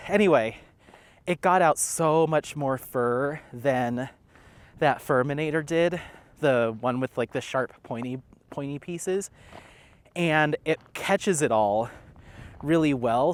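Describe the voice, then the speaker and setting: A man vlogging at an outdoor dog park, chatting casually in a rambling way. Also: medium pitch. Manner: rambling, chatty, stops often to call his dog. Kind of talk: casual chat.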